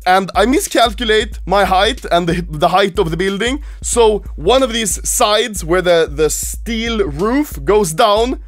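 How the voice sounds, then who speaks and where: A man's voice: sits high, expressive, unhurried, few pauses. A man casually telling a story to camera, laughing often and swearing freely.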